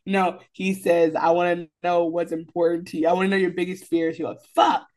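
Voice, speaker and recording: A woman co-hosting a casual podcast recap of a TV episode, animated and profane, acting out what the characters say. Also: on the low side, a little fast. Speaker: podcast co-host.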